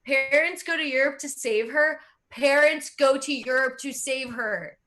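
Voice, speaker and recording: A high, bright young woman from Russia who does not sound Russian, hosting and doing stand-up. She talks in a chatty, self-mocking way and laughs along with her own jokes. Her voice rings clear. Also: moderate pace, few pauses. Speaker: stand-up comedian and host. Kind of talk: stand-up comedy.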